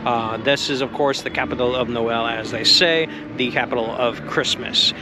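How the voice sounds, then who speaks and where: This travel vlogger has a medium-pitched voice with fairly even intonation and a moderate pace. Strolling a busy Christmas market outdoors, he chats enthusiastically as he samples food and wine, savoring them aloud, while street noise fills the recording.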